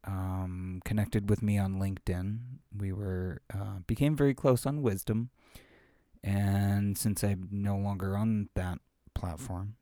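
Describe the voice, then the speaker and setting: A man's voice: lowish voice, fairly even intonation, slow pace, warm tone, no room sound, clean studio sound. A man who reads children's stories aloud, chatting casually about his practice in a rambling, self-deprecating way with many fillers. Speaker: amateur reader of children's stories. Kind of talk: casual chat after a reading.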